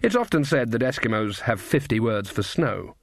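A man narrating a comic fantasy audiobook in a measured, dry delivery. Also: mid-range voice, very animated, gravelly, dry recording. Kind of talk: scripted narration.

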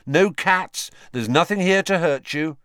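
A man voicing an anxious, frantic young schoolboy in a high, strained voice. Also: unhurried, fairly bright tone, smooth, dry recording, clean studio sound. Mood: soothing.

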